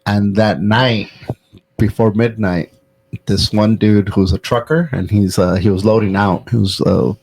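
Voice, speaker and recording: A man hosting a casual podcast, his voice low and rough with a husky edge. He rambles through stories in loose, profane chat, with plenty of ums and restarts. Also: steady tone, a little slow, darkish tone, poor audio. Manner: loose, profane storytelling with many fillers. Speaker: podcast host.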